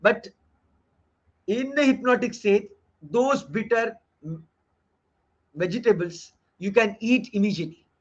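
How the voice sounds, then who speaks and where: A man's voice: high voice, fairly bright tone. A man giving an online lecture as a book reviewer, explaining earnestly and often repeating his phrases. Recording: dull lo-fi audio.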